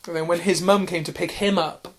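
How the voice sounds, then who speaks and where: A fairly high-voiced man co-hosting a comedy podcast, riffing and telling stories in loose, joking chat. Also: steady tone, fairly quick. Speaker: podcast co-host.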